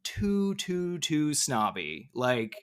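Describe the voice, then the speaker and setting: A man co-hosts a podcast, bantering casually, directing his partner in a wry way and quick to crack jokes. His voice is a little high and very animated, and a loud crowd can be heard.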